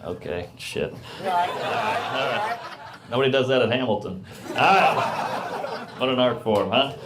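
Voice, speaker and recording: A man's voice: medium pitch, very animated, slow pace. A male stand-up comedian venting about being heckled in a self-mocking, agitated way. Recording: played-back video with crowd noise.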